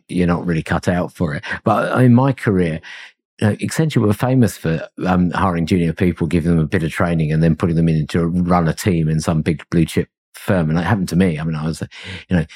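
A man's voice: low voice, a little fast, a little mellow, slightly rough. A middle-aged man, a consultancy founder, talking reflectively in a podcast interview, rambling with fillers and chuckles. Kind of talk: conversational interview.

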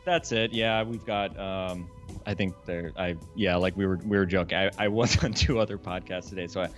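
Low-voiced, rambling man on a podcast. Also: fairly even intonation, moderate pace, faint music behind. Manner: rambling, heavy use of "like" and fillers. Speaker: podcast guest. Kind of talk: casual chat.

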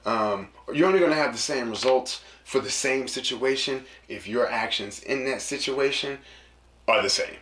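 A man talking casually to listeners in an animated, slangy way, acting out quotes in a lower voice. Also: normal speed, roomy sound, a little hiss or hum.

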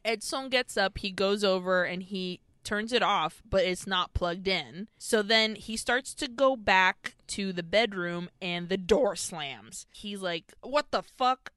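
A woman co-hosting a podcast, retelling a film's plot in casual, animated chat with plenty of swearing. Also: mid-range voice, a little slow, hardly any pauses, smooth, dry recording. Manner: animated storytelling, acts out characters, frequent swearing. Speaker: podcast co-host. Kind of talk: casual film recap chat.

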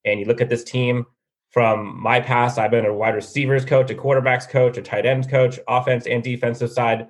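Man doing a blunt coach, stern, no-nonsense, mid-pitched. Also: little pitch movement, normal speed, close to an everyday voice. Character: blunt, stern male football coach candidate. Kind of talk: comedic mock job interview.

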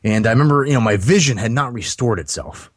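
A man's voice: mid-range voice, lively intonation, quick pace, dry recording, clean studio sound. A man telling a long personal story on a podcast, rambling with many fillers and restarts. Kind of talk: casual storytelling.

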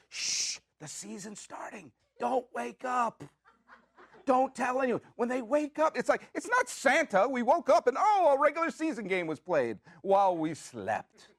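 In a dry studio recording, a male podcast host with an extremely high pitch gives a comedic monologue. He's animated and jokey, mixing playful rants with questions he poses to himself.

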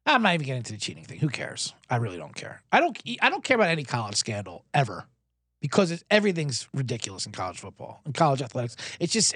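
Profane ranting podcast host. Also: male voice, a little high, fairly bright tone, no room sound, studio quality. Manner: ranting, sarcastic, profane, self-interrupting. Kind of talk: comedic sports podcast rant.

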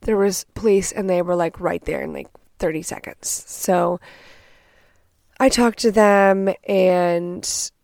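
A young woman hosting a podcast, telling a dramatic story in casual, profane, animated speech on a close mic. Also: lowish voice, slow pace, creaky, dry recording. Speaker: podcast host.

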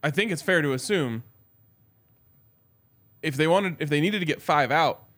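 A man co-hosting a sports podcast, giving animated opinions with quick asides. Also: on the high side. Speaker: podcast co-host. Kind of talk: casual sports podcast chat.

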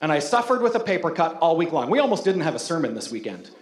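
Joking pastor with a high, roomy voice. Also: male voice, sing-song, quick pace. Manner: humorous, conversational, self-mocking storytelling. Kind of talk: sermon.

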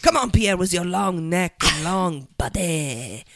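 A woman's voice: lowish voice, expressive, measured pace, dry recording, clean studio sound. A woman playing a ruthless French figure skater who threatens her partner, using a put-on French accent. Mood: threatening. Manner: threatening, melodramatic.

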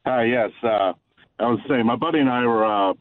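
A man's voice: medium pitch, a little fast, distant mic. A man from Texas calling in to a radio show, telling a story with many fillers and restarts. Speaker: caller. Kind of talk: phone-in storytelling. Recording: muffled phone line with faint noise.

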